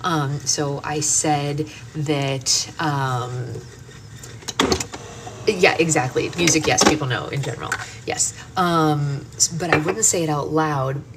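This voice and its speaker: A chatty woman hosts a live book club from home, telling stories to her viewers with plenty of "um" and "like." Her voice sits low for a woman. She sounds set back from the mic, over a loud, steady air-conditioning hum. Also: takes it slowly, distant mic. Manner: chatty, animated storytelling with frequent "um" and "like". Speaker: book club livestream host. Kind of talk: casual chat with live viewers.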